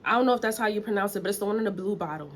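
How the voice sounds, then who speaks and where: Racing through her words in a medium-pitched voice, this woman vlogger tells a casual story time tale candidly while slightly out of breath. A little hiss or hum runs under the audio.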